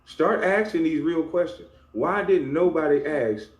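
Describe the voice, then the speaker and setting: A man's voice: on the high side, unhurried. Man ranting confrontationally in an echoey room. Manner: confrontational, scolding, emphatic. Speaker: YouTuber. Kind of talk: ranting monologue to camera. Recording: echoey room with faint background hum.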